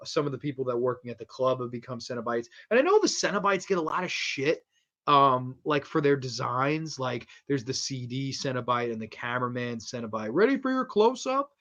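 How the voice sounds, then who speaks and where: A man hosting a casual horror movie review livestream from home, rambling excitedly and swearing a lot. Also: mid-range voice, a little fast, dull audio. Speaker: livestream host. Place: home streaming setup with posters behind.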